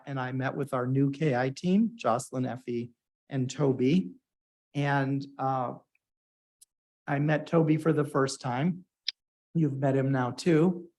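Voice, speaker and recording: A man at a mid-range pitch hosting a hybrid science meeting. He rambles casually through an anecdote, padding it with fillers and throwing in lively little quoted voices for the people in the story. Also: measured pace. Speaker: meeting organizer and moderator. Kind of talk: conference talk to a live audience. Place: hybrid conference meeting room.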